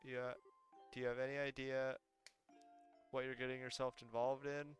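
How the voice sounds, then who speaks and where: Man doing a guarded hurt teen boy, read flat, mid pitch. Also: normal speed, faint music behind, natural voice. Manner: flat monotone reading. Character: wary wounded teenage boy.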